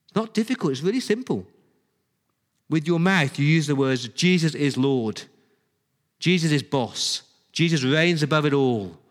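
A man preaching in a church, his voice sitting a little high for a man. He pleads and presses each point earnestly. The sound rings with the long reverb of a large hall. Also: lively intonation, moderate pace. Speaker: pastor. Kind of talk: sermon.

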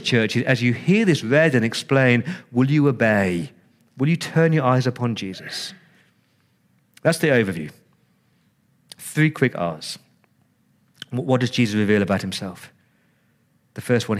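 A man preaching a sermon as pastor, conversational, repeating words and acting out listeners' reactions. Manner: acts out listener reactions with big pitch swings.

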